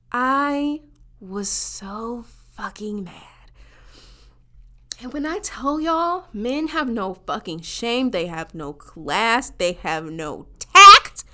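Woman doing a storytime vlog, bright edgy voice, fired up and cussing. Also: sits high, takes it slowly. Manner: animated, profane, emphatic, addresses viewers as y'all. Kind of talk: casual storytime monologue.

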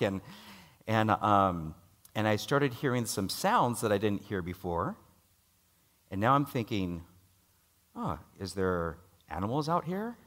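A middle-aged man preaches a sermon built around a personal story, getting loud for dialogue and going low and quiet to convey worry. He is very animated, speaks slowly, and pauses often.

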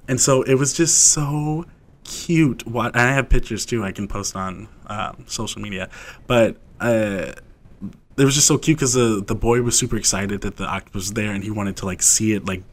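A man's voice: on the low side, normal speed. A young man co-hosting a podcast, telling a story in casual chat, rambling with lots of fillers and laughs. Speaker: podcast co-host.

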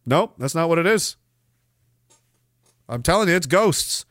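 Foul-mouthed bright-voiced male streamer. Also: a little high, lively intonation, measured pace, pauses often, no room sound, clean studio sound. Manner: profane, sarcastic ranting; swings into loud mocking outbursts. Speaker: livestream host. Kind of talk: casual livestream chat reading.

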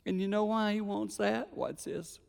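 An older man preaching a sermon, telling a family story with animated delivery and acting out the voices of the people in it. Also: high-pitched, moderate pace, vocal fry, in a large hall.

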